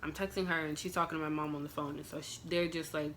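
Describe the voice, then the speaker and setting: A young woman tells a personal story straight to her vlog audience, her voice sitting on the low side. She talks in a loose, emotional ramble packed with "like" and "I'm just like," reliving the moment as she goes. There is a faint hiss of noise under her voice. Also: fairly even intonation, quick pace, fairly bright tone. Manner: emotional retelling, full of "like" fillers. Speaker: vlogger.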